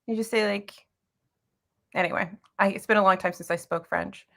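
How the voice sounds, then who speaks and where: A woman's voice: mid-range voice, fairly even intonation, normal speed, creaky, sharp tone. A young American woman hosting a casual book chat, joking and laughing often. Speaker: booktuber host.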